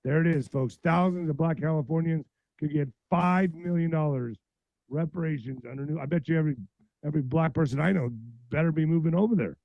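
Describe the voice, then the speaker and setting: A man hosting a political podcast livestream, blunt and profane, reading news aloud and ranting, his voice going hoarse. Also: on the high side, a little fast, no room sound, phone-quality sound. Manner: blunt, heated, reads news aloud then rants. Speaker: podcast host.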